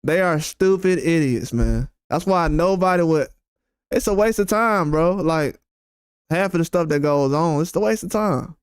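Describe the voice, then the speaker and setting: The host of a boxing channel rants bluntly and heatedly at his live-stream chat, hitting it with repeated, profane jabs. His voice is on the high side, smooth and moderately paced, recorded in studio quality with no echo.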